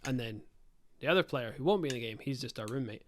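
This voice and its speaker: A man's voice: medium pitch, animated, fast talker, slight background noise. A young man hosting a podcast, rambling through a tabletop game story, swearing freely and stopping often to correct himself. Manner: rambling, profane storytelling with many self-corrections. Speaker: podcast host and game master. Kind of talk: casual podcast chat.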